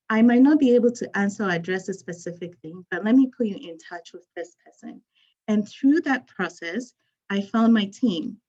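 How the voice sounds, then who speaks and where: A woman's voice: medium pitch, darkish tone, lo-fi sound. Earnest woman from Ghana, panel talk. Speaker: physician panelist.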